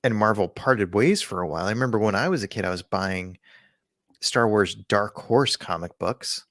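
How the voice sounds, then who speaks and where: Speaking at a normal speed in a lowish, slightly bright voice, this male podcast co-host tells rambling, jokey stories during a casual chat. It's a clean studio recording without echo.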